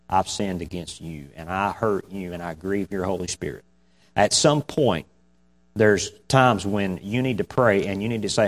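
Folksy preacher man, lowish voice. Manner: folksy, conversational, chuckles between points. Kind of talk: casual sermon.

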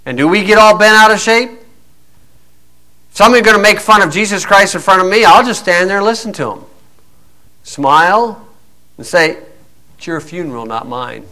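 Scornful preaching man, high and bright. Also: moderate pace, long pauses, low-quality recording. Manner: combative, scornful, folksy with many fillers. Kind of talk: blunt preaching monologue.

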